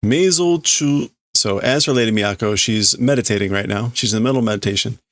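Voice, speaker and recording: A man's voice: fairly low pitch, fairly even intonation, quick pace, fairly bright tone, dry recording, clean studio sound. A man streaming live as he reads a manga aloud and translates it, thinking aloud and hesitating over the words. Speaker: streamer host.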